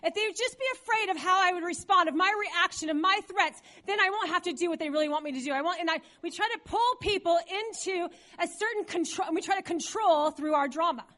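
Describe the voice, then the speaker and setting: A middle-aged woman pastor preaching a sermon in a church, dramatic and animated, acting out quoted voices. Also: very high-pitched, fast talker, hardly any pauses.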